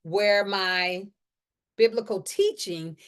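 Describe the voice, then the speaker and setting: A woman with a clear, resonant, medium-pitched voice takes her time as she hosts a publishing Q&A show live from home. She keeps the casual stream upbeat and motivational, frequently repeating phrases.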